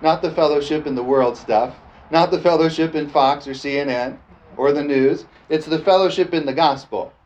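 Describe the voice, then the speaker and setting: Guy preaching, kinda high voice, keeps asking amen, muffled lo-fi recording. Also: moderate pace. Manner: lively, joking, calls out "amen?" to the congregation. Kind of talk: sermon. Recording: dull lo-fi sound with faint background noise.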